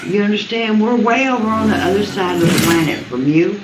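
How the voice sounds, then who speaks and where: A woman moderating a voice chat room, scolding in halting speech and repeating words. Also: medium pitch, roomy sound, heavy background noise.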